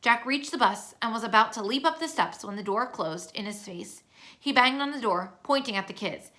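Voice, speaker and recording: Woman narrator for a kids' chapter book read-aloud: steady, clear delivery, bright tone. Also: a little high, moderate pace.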